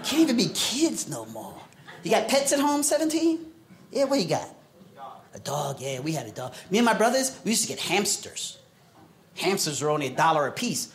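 Animated male stand-up comic from New York. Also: high voice, echoey room, heavy background noise. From New York City. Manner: conversational, teasing the audience, acting out quotes. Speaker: stand-up comedian. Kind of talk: stand-up comedy storytelling.

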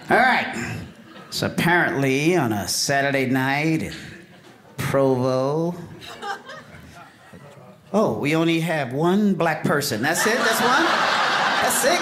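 Animated stand-up comic, loud club crowd. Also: male voice, a little high, measured pace, long pauses. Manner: animated crowd work with character voices. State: fighting off a cold. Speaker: stand-up comedian. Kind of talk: stand-up comedy set. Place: comedy club stage before a live audience. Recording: live club recording with loud crowd noise.

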